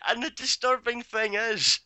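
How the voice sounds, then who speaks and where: Giggly man, bright dry voice. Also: very high voice, a little slow, clean tone, no room sound. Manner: rambling, giggly storyteller, swears freely. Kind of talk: casual chat.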